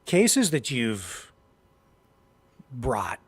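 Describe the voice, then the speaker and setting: A man from Canada with a Canadian accent, hosting a casual interview, soft-spoken and hesitant. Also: medium pitch, huge pitch swings, extremely slow, slightly rough. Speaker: host.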